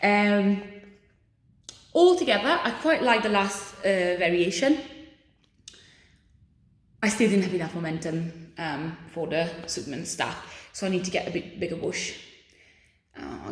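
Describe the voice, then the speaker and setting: A woman's voice: mid-range voice, animated, measured pace, long pauses. A woman pole dancer talking herself through a routine between attempts, chatty and out of breath. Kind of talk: casual talk-through while practicing. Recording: echoey room.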